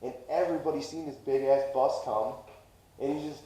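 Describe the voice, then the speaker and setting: On a casual podcast, a male co-host with a medium-pitched voice spins a long story at a moderate pace, cursing freely and doing voices for the people in it. He's animated and profane. The room echoes and he sits off-mic.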